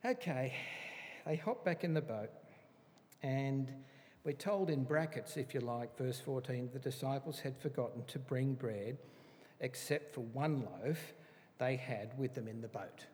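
A man teaching through a Bible passage in an animated, emphatic, chatty way. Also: mid-range voice, unhurried. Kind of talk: conversational Bible study sermon. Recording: reverberant hall.

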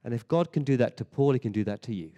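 A man's voice: mid-range voice, animated, quick pace, warm tone, big-room sound. An English man preaching a sermon in a church, emphatic, with rhetorical questions and frequent word repeats. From England. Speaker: pastor. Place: church service.

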